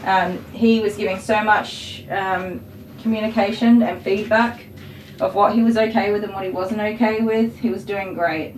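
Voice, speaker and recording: A woman's voice: medium pitch, fairly even intonation, moderate pace, roomy sound, recorded from a distance, a little hiss or hum, low-quality recording. A woman dog groomer with a cold, chatting through her work on a live stream and cooing to the dog now and then. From Australia. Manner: chatty, explains as she works, coos to the dog. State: has a cold, short of breath. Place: grooming salon.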